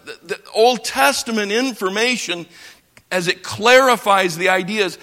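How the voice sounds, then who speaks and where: A man from the United States teaching a lecture on scripture, slow and emphatic, pausing for effect and building his lines up. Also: fairly high pitch, bright, forceful tone. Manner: slow, emphatic delivery with dramatic pauses and swells. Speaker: Bible teacher. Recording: long reverb of a large hall.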